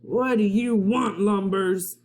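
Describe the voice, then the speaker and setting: Woman reading as a bossy one-eyed pirate captain, raised gruff voice, storybook read-aloud. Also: medium pitch, slow pace, darkish tone, lightly acted.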